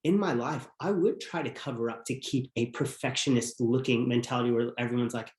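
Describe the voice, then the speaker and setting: A man's voice: mid-range voice, brisk, darkish tone. Guy on a podcast telling his story, earnest and reflective, bit of room echo. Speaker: podcast guest. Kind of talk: personal storytelling. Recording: roomy echo.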